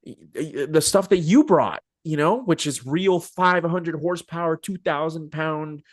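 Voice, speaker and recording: A man hosting a podcast interview, telling stories in an animated, joking, slangy way. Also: fairly high pitch, unhurried, no room sound, studio quality. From Arizona. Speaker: podcast host. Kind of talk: casual interview chat.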